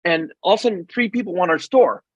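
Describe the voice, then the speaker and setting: A middle-aged man telling a story as a podcast guest. He speaks in an animated way, acts out bits of dialogue, and drops frequent ums. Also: sits high, fast, breathy edge, dry recording, muffled recording. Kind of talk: casual storytelling in a podcast interview.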